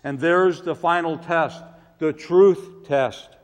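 A man preaching a sermon with emphatic delivery, his voice swelling loud and falling low. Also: slow. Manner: emphatic, rising to loud cries on quoted prayers, then dropping low. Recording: long reverb of a large hall.

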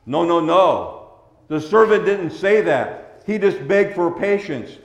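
Pastor guy preaching slow, kinda high voice, goes quiet then loud, big echo. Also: lively intonation, creaky. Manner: preaching with wide swings between hushed and loud. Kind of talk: sermon.

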